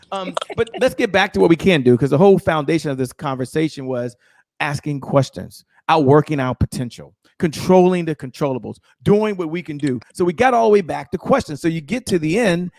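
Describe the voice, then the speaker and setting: Male sales coach on a live show, quick emphatic delivery, somewhat high voice. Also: vocal fry. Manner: energetic, emphatic, acts out sales dialogue.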